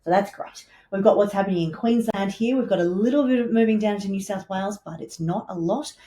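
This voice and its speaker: A woman's voice: medium pitch, fairly quick, dark tone. A woman presenting a weather forecast, chatty and enthusiastic as she points along a map with little asides. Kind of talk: casual weather forecast walkthrough.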